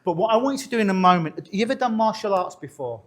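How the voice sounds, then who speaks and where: Quick and animated, a high-voiced stage hypnotist instructs and coaxes a volunteer in front of an audience during a live stage demonstration.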